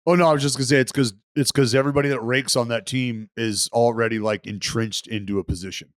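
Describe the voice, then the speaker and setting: A man's voice: medium pitch, fairly even intonation, fast, dry recording, studio quality. A man co-hosting a podcast in casual chat, swearing freely and laughing often. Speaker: podcast co-host.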